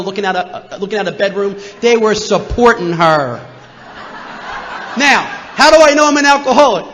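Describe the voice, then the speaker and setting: A man in his sixties from Philadelphia, telling a humorous personal story as a recovery meeting speaker, animated and acting out the voices of people in it. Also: high-pitched. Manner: animated, jokey, acts out voices. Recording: muffled, long hall reverb.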